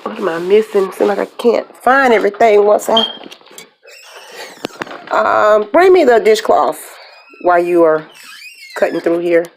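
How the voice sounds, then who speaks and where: An upbeat woman hosts an eating video and chats casually to the camera. She drags out her phrases and keeps checking in with her viewers. Her pitch sits in a plain middle range. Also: lively intonation, vocal fry, a little hiss or hum. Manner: upbeat, drawn-out phrases with a lot of "okay, guys". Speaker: mukbang host.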